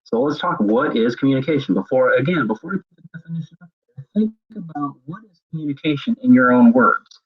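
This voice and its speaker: Husky man giving a webinar. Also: medium pitch, lively intonation, fast. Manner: conversational, repeats words while thinking. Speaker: webinar presenter. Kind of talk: webinar lecture. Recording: dull lo-fi web seminar audio.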